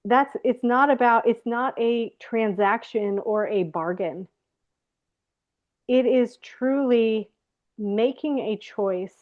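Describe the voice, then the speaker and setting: A woman host giving a reflective, emphatic teaching talk. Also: on the high side. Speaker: host of a faith program. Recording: tinny phone-like call audio.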